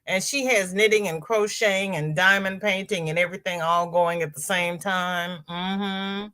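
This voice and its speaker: A woman's voice: fairly low pitch, steady tone, normal speed, bright, forceful tone. A middle-aged woman hosting a casual livestream, chatting with viewers and reading their comments aloud. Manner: chatty, exclaims and laughs while reading comments. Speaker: host reading live chat. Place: home.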